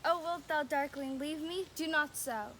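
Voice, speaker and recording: A hurt, rejected young woman, played by a young actress in an outdoor youth production. Her voice sits high, and the verse comes out earnest and breathless. Faint outdoor noise lies behind her. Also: normal speed, a bit bright. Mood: pleading. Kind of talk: outdoor youth stage acting.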